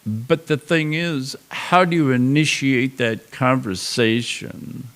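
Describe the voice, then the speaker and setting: A man who is a guest on a podcast, speaking in a measured, reflective way. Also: medium pitch, fairly bright tone. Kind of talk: casual chat.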